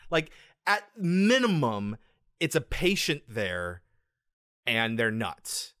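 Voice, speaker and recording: A podcast co-host who backs up the other host with quick agreement and mocks the film in an animated, joking way. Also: mid-range voice. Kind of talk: casual movie review chat.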